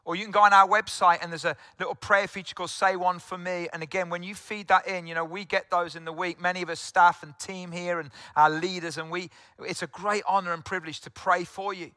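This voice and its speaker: A man's voice: high voice, little pitch movement, brisk, few pauses, bright, forceful tone, no room sound. A middle-aged man from South Wales, a pastor preaching earnestly to an online congregation, speaking directly to listeners and repeating phrases for emphasis.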